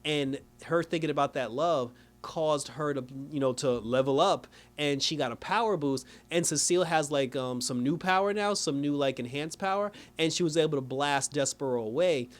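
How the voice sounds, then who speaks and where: A man's voice: on the high side, normal speed, hardly any pauses. A man reviewing a TV episode in a casual recap. He rambles, fills his talk with "you know" and "like", and laughs often.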